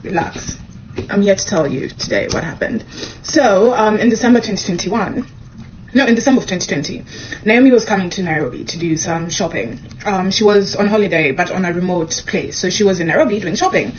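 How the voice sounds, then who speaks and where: Young woman, comedian, casual storytelling, animated, faint background noise. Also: dull audio. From Kenya. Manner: animated, acts out the dialogue with quick pitch jumps. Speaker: comedian telling a personal story.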